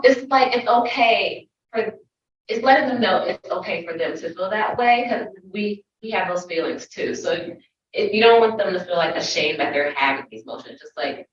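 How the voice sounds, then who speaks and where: A woman's voice: medium pitch, normal speed, very echoey. Woman teacher acting out little scenes, sounds far away, dull lo-fi, faint hiss. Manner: chatty, acts out little scenes and quotes. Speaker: toddler teacher. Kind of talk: panel discussion answers. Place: school event room.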